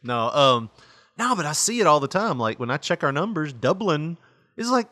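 A man's voice: a little high, big pitch swings, moderate pace, pushed and bright, no room sound. A man co-hosting a casual podcast, laughing often and slipping into mock voices as he banters. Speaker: podcast co-host.

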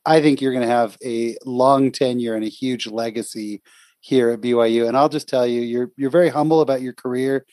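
A man's voice: medium pitch, fairly even intonation, fairly quick, a little mellow, no echo. A podcast host speaks with open enthusiasm, heaping praise on his guest. His mid-range man's voice is recorded close and dry, with no room sound. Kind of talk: interview podcast.

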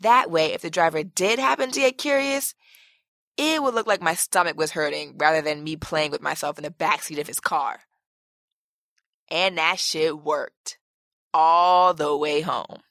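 A woman's voice: low-pitched, measured pace, a bit bright, dry recording, studio quality. A woman podcast host reading a listener's letter aloud as a brash, profane, sassy story.

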